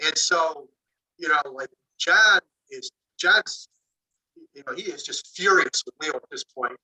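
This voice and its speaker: A man speaks well away from the microphone, his voice high-ish and very bright. He tells his story loosely, with plenty of "you know" and "like," slipping into quoted dialogue as he goes. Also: a little slow, breathy edge, distant mic, rough recording. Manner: animated anecdote-telling, acting out dialogue, many fillers. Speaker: author. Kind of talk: casual storytelling.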